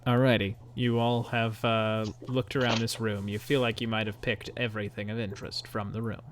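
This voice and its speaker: A man narrating as game master of a tabletop game, jokey and quick to laugh. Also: lowish voice, level tone, a crowd in the background.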